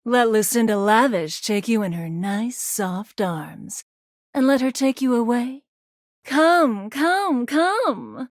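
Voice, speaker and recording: In a clean studio recording with no room sound, a voice actor plays a brash, flirty, self-absorbed woman in a video game. The character teases and snipes sarcastically before becoming insecure. The actress speaks unhurriedly in a higher voice with a darkish tone, captured on a studio microphone.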